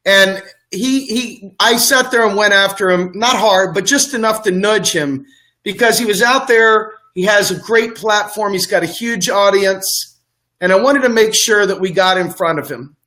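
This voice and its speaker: A man hosting a talk show, chatty and halting, presenting material on screen to his guest. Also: high voice, sharp tone. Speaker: show host.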